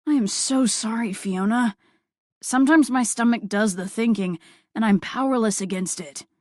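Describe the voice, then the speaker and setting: A woman's voice: on the high side, normal speed, no room sound, clean studio sound, lightly acted. A woman voicing a flustered young man who gushes apologies and rambles about his love of food. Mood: apologetic.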